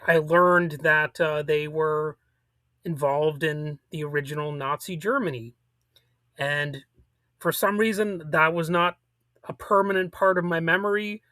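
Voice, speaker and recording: A man with a bright, forceful voice, pitched a touch above most men, talks through political commentary on his own show. He rambles, restarts and drops sarcastic asides. The sound is dry and close, with no room around it. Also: no echo.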